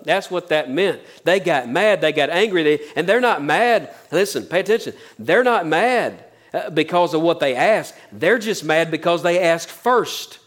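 Pastor, man, higher-pitched, easy conversational sermon delivery with sudden hushed drops. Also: animated, normal speed, few pauses. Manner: conversational preaching, sudden drops to near-whispers.

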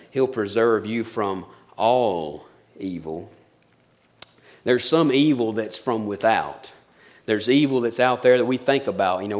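A middle-aged man preaching a sermon, with emphatic, repetitive phrasing that drops to soft, intimate tones. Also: on the low side. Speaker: pastor.

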